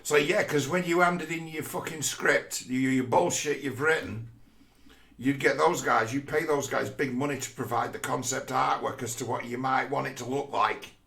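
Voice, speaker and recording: A man's voice: mid-range voice, fairly even intonation, normal speed, gravelly, bright, forceful tone. A man in a rambling, profane casual rant who often stumbles and repeats words mid-thought.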